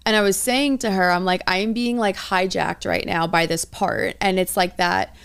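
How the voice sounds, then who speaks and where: A woman's voice: medium pitch, steady tone, normal speed, vocal fry, smooth. A young woman co-hosting a podcast as a coach, talking in an earnest, rambling way full of "like". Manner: earnest, rambling, heavy use of "like". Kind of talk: casual chat.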